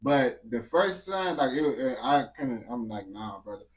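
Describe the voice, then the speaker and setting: A man's voice: mid-range voice, lively intonation, a little slow. A man giving casual, slangy reaction commentary, dropping "bro" and "gang" constantly and restarting his sentences. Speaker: reaction video host.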